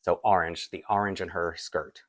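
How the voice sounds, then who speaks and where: A man's voice on the low side, moderate in pace and fairly bright, with no room sound. A doll collector vlogger with a Canadian accent, he chats casually through an unboxing, rambling and laughing often between asides.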